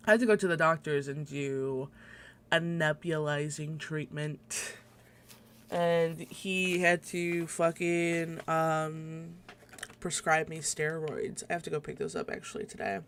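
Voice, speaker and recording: Young woman streamer, slightly wheezy, drawls slowly, rambly and sweary, laughs a lot. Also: sits low, a bit bright. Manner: rambling, profane, laughs often. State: slightly short of breath. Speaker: livestream host. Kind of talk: casual solo livestream chat.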